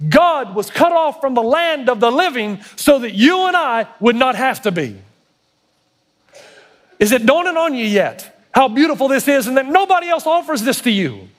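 Man, preacher, high-pitched, emphatic, sermon. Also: very animated, unhurried, pauses often. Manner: preaches with rising emphatic intensity; acts out quoted prayers and God's words. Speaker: pastor.

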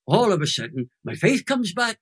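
A Welsh man in his eighties telling an emotional testimony story as an interview guest, with animated delivery and dramatic pauses. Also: sits high, slightly rough. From Wales. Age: 80s.

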